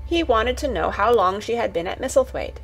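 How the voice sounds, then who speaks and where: Husky-voiced woman reading a bedtime story. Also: on the high side, expressive, brisk, a bit bright.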